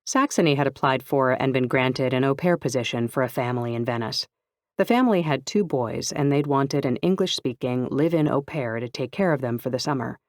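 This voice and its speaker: A woman narrating a first-person novel in an even, clear storytelling voice. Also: very deep voice, a little fast, dry recording, clean studio sound. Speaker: audiobook narrator.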